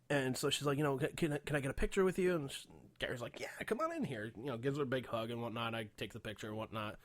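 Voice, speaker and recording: A man's voice: medium pitch, fast, dry recording. Rambling, swearing man telling stories. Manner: rambling storyteller, swears a lot, many fillers. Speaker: podcast co-host. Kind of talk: casual chat.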